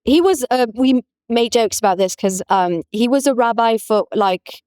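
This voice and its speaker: A woman's voice: fairly high pitch, expressive, normal speed, darkish tone, no room sound, studio quality. A woman, a rabbi talking casually in an interview with lots of "like" fillers. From France. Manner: chatty, many "like" fillers. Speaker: rabbi, guest.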